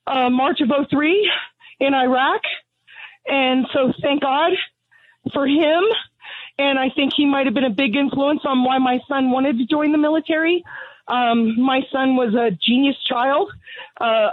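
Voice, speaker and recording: Woman, middle-aged, radio caller, angry, blunt, out of breath, high voice, tinny phone line. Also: no echo. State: out of breath from pacing. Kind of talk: call-in radio conversation.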